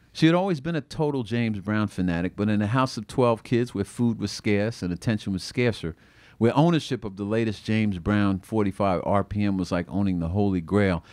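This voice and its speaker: His voice lowish and the recording dry, a male author reads aloud from his book at a bookstore event, bringing the quoted voices to life with expressive acting.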